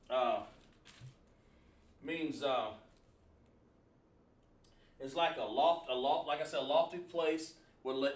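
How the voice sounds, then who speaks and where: A man gives a classroom lesson, patiently explaining and repeating words with frequent "uh" fillers. His voice sits a bit high for a man. It is picked up from across an echoey room. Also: fairly bright tone, recorded from a distance. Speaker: teacher. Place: classroom with a board.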